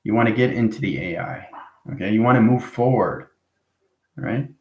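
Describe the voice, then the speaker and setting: In an echoey room with lo-fi sound, a man with a lowish, darkish voice speaks at normal speed. He's a spiritual vlogger counselling viewers, leaning on "okay?" and "right?" and repeating phrases to drive points home.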